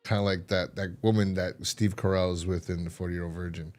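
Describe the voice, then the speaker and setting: A man's voice: deep voice, brisk. A man co-hosting a casual review podcast, retelling a TV episode with lots of animation and laughter. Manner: animated storytelling, laughing and mimicking characters. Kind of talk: casual chat.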